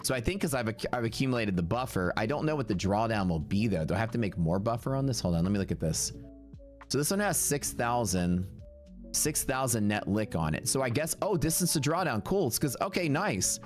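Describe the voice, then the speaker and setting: A man's voice: medium pitch, lively intonation, brisk, faint music behind. A man hosting a live day trading stream, talking casually and thinking aloud as he checks his account, with upbeat slang. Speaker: day trading livestream host. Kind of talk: casual livestream commentary.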